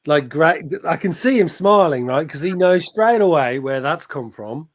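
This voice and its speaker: A man's voice: a little high, expressive, moderate pace. A man from England with an English accent tinged with Australian, hosting a casual chat and rambling through frequent restarts. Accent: English, with some Australian.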